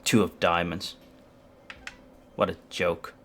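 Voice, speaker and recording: A man's voice: deep voice, flat delivery, slow pace, fairly bright tone, a little hiss or hum. A man streaming a video game live, chatting with viewers in a hesitant, rambling, self-mocking way. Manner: rambling, hesitant, many restarts. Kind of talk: live gameplay commentary with chat.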